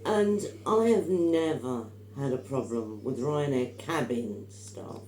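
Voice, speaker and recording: A woman's voice: extremely low pitch, expressive, slow pace, mellow, echoey room, slight background noise, poor audio. A middle-aged woman, telling stories in casual chat, emphatic and opinionated. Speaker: vlogger.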